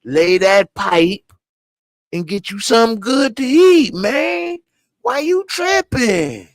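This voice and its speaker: A man's voice: very high-pitched, takes it slowly, dry recording, clean studio sound, pitched above the performer's own voice, heavily acted. A man voicing a laid-back male hustler who gives easygoing, slangy advice. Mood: coaxing. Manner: slangy, relaxed, coaxing.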